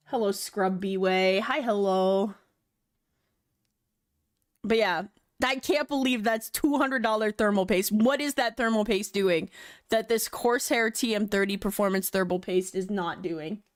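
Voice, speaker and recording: A young woman live-streaming, chatting loosely with her viewers, rambling and swearing casually into a desk mic. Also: fairly high pitch.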